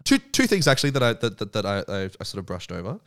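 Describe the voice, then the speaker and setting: Male podcast co-host, dry-witted recapper with an expressive pitch. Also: fast, clear, resonant tone. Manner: wry, deadpan asides, drops lower for quoted lines. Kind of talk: casual chat recapping a TV episode.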